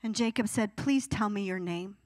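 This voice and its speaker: A woman's voice: mid-range voice, moderate pace, no echo. A young adult woman preaching a youth sermon, acting out whiny teenage pleas as she goes. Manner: animated, acts out whiny teenage voices. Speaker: youth pastor.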